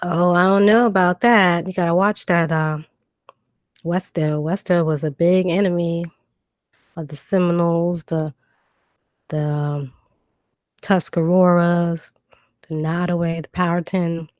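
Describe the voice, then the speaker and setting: A woman's voice: fairly low pitch, fairly even intonation, measured pace, long pauses, darkish tone, dry recording, clean studio sound. Chatty woman answering viewers on a livestream. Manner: reads out viewer questions and answers them, with many ums and restarts. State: has a cough drop in her mouth. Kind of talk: casual livestream chat. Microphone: new desk microphone.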